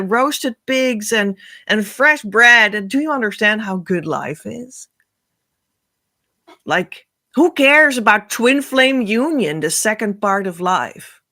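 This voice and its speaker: Woman spiritual host: unhurried, earnest storytelling that rambles and restarts. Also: fairly high pitch, a bit bright. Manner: rambling, searching for words, often restarting; emotional and earnest.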